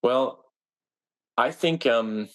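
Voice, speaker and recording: A man's voice: mid-range voice, drawn-out words, a bit bright. A man, a stage actor, answering interview questions in an earnest, reflective way with frequent restarts.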